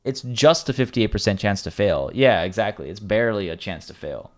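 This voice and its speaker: A man's voice: lowish voice, a little fast. A man streaming a game live, chatting animatedly, joking and thanking viewers. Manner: animated, jokey, reads game text aloud. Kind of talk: live let's-play commentary.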